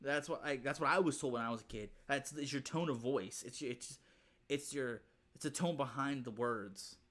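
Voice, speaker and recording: A man in a casual reaction commentary, thinking out loud at a middle pitch. He circles back on his own words, restarts sentences and swears without a second thought. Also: moderate pace. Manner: rambling, repeats himself, swears freely. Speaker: reaction video host.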